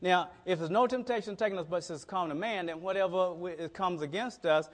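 A man's voice: sits high, fast. A middle-aged man preaching a conversational sermon, telling stories in a folksy way and often repeating his words. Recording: reverberant hall.

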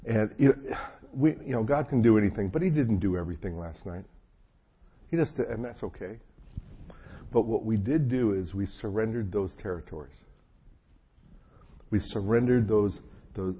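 A man's voice: on the low side, husky. A man from New Jersey, a pastor, preaching in a loose, conversational way with storytelling asides and a frog in his throat. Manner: folksy, self-deprecating storytelling with many asides. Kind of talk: conversational sermon. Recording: muffled lo-fi audio with faint hum.

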